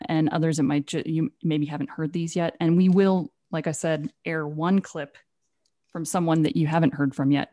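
A podcast co-host introducing segments in a measured, casual way. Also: medium pitch, warm tone, no room sound, clean studio sound.

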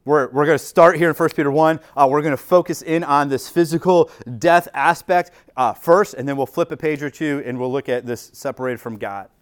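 A man's voice: fairly high pitch, brisk, hardly any pauses, smooth. Man preaching a casual, conversational sermon. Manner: conversational preaching with many rhetorical questions; repeats words as he restarts sentences. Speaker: pastor.

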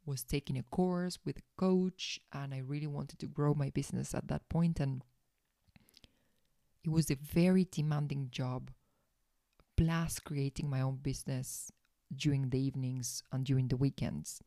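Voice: medium pitch, fairly even intonation, normal speed, mellow, dry recording, studio quality. A podcast host telling a personal story in a frank, confiding way. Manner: frank and confiding, acts out its own past self in quotes.

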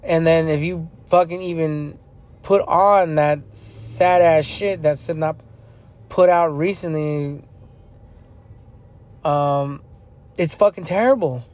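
Young guy podcasting, swears a lot, blunt rant, kinda high voice. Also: slow pace, long pauses, a little mellow. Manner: blunt, profane, repetitive ranting. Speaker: podcast host. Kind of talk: casual opinion monologue.

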